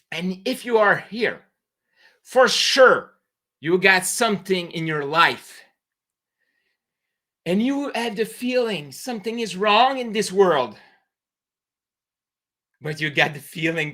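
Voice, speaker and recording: French canadian guy coaching live at night, slow talker, pitch jumps all over, broken english. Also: lively intonation, bright, forceful tone. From New Brunswick, Canada. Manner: emphatic, fervent, halting non-native English with broken phrasing. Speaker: entrepreneur coach. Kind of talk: late-night live stream monologue.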